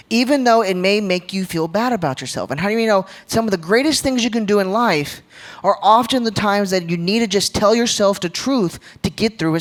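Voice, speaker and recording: A man giving a live leadership talk at a church gathering, joking and quizzing the crowd with questions. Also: sits high. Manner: jokey, engages crowd with questions.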